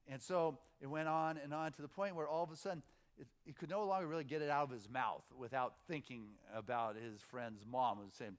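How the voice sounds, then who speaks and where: Slightly high-voiced man preaching conversationally. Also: lively intonation, fairly bright tone. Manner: informal, halting restarts, builds on repeated phrases. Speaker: minister. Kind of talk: conversational sermon. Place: spiritual center sanctuary.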